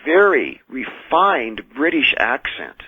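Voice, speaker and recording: Over a tinny telephone line, an American exorcist and minister talks as a guest on a radio call-in show, recounting his experiences. His mid-range voice is slightly husky and dry, very animated, and free of echo. He tells his stories in a measured, earnest way, often restarting phrases.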